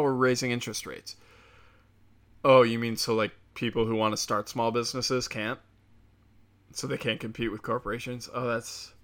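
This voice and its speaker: A man's voice: medium pitch, a bit bright. A man ranting on his own show in a sarcastic, profane, heated way. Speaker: commentator. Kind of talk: casual political rant.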